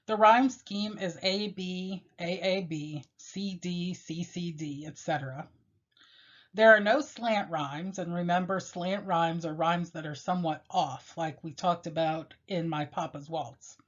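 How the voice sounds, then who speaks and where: A woman teacher lectures on a poem in a fairly low voice. She explains step by step, pausing and filling gaps as she thinks. The recording sounds dull and lo-fi. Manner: measured, explanatory, with pauses and fillers. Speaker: literature teacher.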